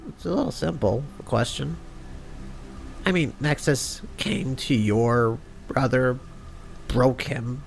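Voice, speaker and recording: A man voicing a calm, taunting male animatronic villain in a fan animation, speaking coolly and unhurriedly. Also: medium pitch, vocal fry. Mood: mocking. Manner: cool, mocking, unhurried.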